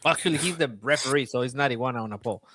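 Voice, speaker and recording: A man co-hosting a casual chat, animated and joking. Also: medium pitch, racing, no room sound. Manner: animated, joking, plays mock announcer. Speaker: podcast co-host.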